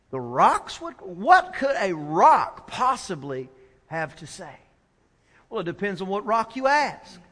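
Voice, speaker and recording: A man preaching a sermon in a church, swinging from hushed, slow lines to loud, emphatic ones. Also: high-pitched, very animated. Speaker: pastor. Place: church sanctuary. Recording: church hall with long reverb.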